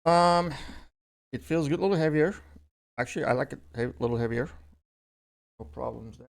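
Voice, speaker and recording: In a gravelly, medium-pitched voice at normal speed, an older unboxing vlogger gives casual commentary. He rambles chattily, with frequent fillers and self-corrections.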